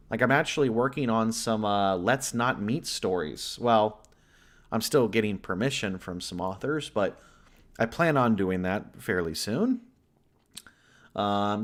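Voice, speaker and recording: A man from the US West Coast hosts a casual livestream. He talks in a chatty, rambling way and warmly greets viewers by name in a mid-pitched voice. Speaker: livestream host and horror story narrator.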